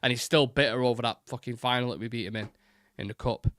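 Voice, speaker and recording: A man's voice: medium pitch, steady tone, fast talker, a bit bright. A man hosting a live football chat stream, blunt and sweary, reading out and answering viewer comments. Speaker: host.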